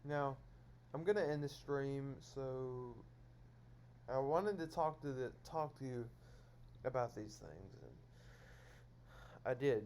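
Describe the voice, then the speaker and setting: A man's voice: mid-range voice, slow, long pauses, a little mellow, a little hiss or hum. A man lecturing his viewers in a solo stream monologue, scolding them over and over in repetitive phrases.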